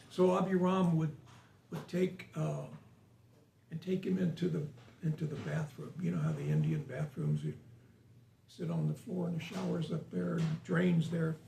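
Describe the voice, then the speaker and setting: A man's voice: a little high, vocal fry, dark tone. A man giving an informal spiritual talk to a small live audience, chatting and asking them questions. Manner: conversational, asks the audience questions. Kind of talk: informal sermon to a small group. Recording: roomy, distant mic, faint hiss.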